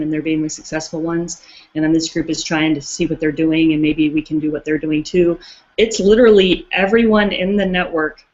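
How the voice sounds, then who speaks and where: A woman co-hosting a casual chat, talking in an excitable, rambling way. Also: fairly low pitch. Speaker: co-host. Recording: muffled lo-fi audio.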